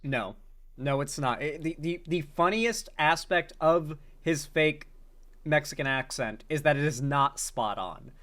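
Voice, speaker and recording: A man's voice: a little high, expressive, unhurried, fairly bright tone. A man reacting to comedy clips as a commentary host, talking bluntly and profanely with frequent incredulous outbursts.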